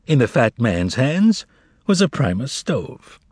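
Expressive husky male narrator. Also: medium pitch, dry recording, clean studio sound. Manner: expressive, measured storytelling. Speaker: audiobook narrator. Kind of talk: scripted literary narration.

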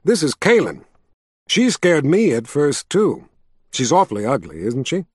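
Narrator doing a joking grown man, lively up-and-down pitch, slightly husky. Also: unhurried, no echo, studio quality, heavily acted. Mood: playful. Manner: joking, bantering, playful. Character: teasing playful grown man, warm with children.

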